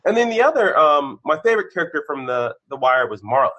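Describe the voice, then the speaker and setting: A man, a guest on a podcast, telling candid stories about his career, his voice shooting up when excited and dropping low when reflective. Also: fast, lo-fi sound. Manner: animated storyteller, bursts of excitement, then drops low. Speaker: podcast guest, senior engineer. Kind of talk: candid conversational interview.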